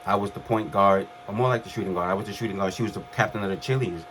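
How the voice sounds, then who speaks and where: A man in his fifties from Brooklyn tells his own heart transplant story to the camera. His voice sits fairly low and his talk is loose and conversational, full of restarts. Faint noise hangs behind him. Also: racing. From Brooklyn, New York. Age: 50s. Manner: relaxed, conversational, with restarts and acted quotes. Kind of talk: casual storytelling.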